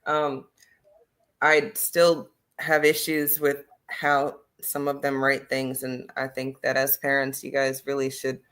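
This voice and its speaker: A woman's voice: a bass voice, completely flat delivery, slow, a bit bright. Emphatic woman hosting a livestream chat. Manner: emphatic, addresses viewers directly. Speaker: host and teacher. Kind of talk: casual livestream discussion.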